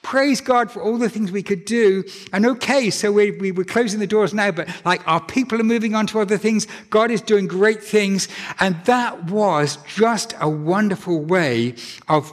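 A man's voice: sits high, normal speed, big-room sound. A male pastor giving an earnest, conversational sermon in a church, often restarting his sentences. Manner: earnest, animated, with frequent restarts.

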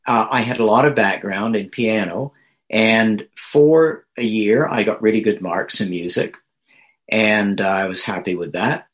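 A male pastor preaching a sermon in a measured, earnest way, pausing often with small fillers. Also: fairly low pitch, fairly bright tone.

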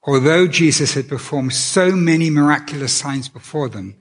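A man's voice: on the high side, moderate pace, hardly any pauses. A man preaching a sermon in a conversational way, often restarting his sentences. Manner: conversational, with many restarts and fillers.

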